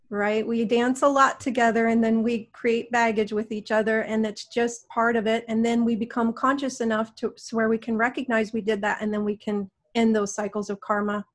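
Soothing woman guiding a healing session. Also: fairly high pitch. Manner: slow, soothing, coaxing prompts. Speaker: energy healer guiding a session.

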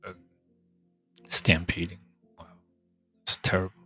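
A podcast host, a man with a congested, hoarse voice, rambling in casual chat, halting and trailing off as he thinks aloud. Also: sharp tone, dry recording, soft background music.

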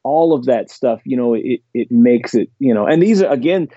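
Rambling man with a dark dull voice. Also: medium pitch, animated, moderate pace, no room sound. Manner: rambling, enthusiastic, heavy on fillers. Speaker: podcast guest. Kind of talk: casual chat.

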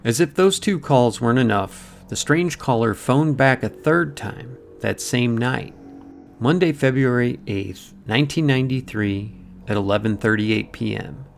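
A man's voice: medium pitch, unhurried, creaky, a little hiss or hum. A man narrating a true mystery story as podcast host, dramatic and scripted. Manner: dramatic retelling with acted-out quotes.

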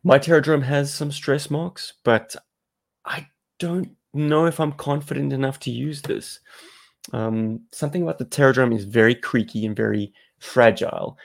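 A man's voice: mid-range voice, fairly even intonation, moderate pace, vocal fry. A South African man co-hosting a podcast, chatting casually and explaining things at length. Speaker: podcast co-host.

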